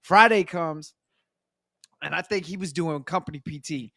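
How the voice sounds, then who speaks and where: A man hosting a casual talk show, telling army stories in a lively, profane way and acting out the voices of the people he quotes. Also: fairly high pitch, moderate pace, gravelly, dry recording, clean studio sound. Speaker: podcast host. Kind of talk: casual storytelling chat.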